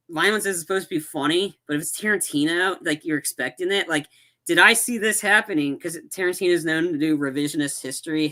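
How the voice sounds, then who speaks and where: Podcast guy recapping a movie, bright sharp voice, keeps restarting sentences. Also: fairly high pitch. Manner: rambling retelling with many restarts and acted-out quotes. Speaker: podcast co-host.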